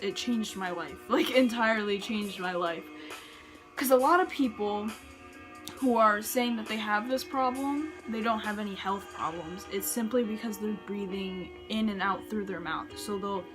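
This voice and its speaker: Young woman rambling about running tips, lots of likes and restarts, music under her voice. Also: medium pitch. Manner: chatty, filler-heavy, rambling with restarts. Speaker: vlogger giving running tips. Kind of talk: casual advice vlog.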